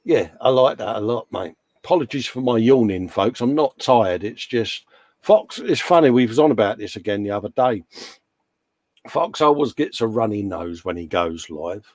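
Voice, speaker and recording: A man's voice: fairly low pitch, lively intonation, normal speed, a little mellow, dry recording. A man co-hosting a casual livestream chat, bantering and calling people mate. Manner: chatty, banters and yawns, calls everyone mate. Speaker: livestream co-host.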